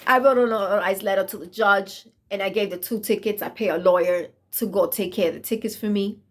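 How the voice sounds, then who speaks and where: A woman's voice: medium pitch, fairly quick. Thirties woman, casual vlog testimony, earnest and emotional delivery. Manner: earnest, emotional, repeats herself for emphasis. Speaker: vlogger sharing a testimony. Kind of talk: casual personal storytelling.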